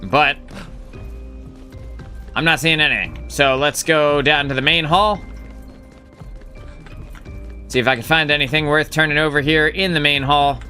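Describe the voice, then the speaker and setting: A man with a slightly high, very bright voice talks through a live game stream in a loose, rambling way. He thinks out loud and drops casual swears, with faint game music underneath. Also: a little slow, long pauses. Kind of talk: casual gameplay commentary.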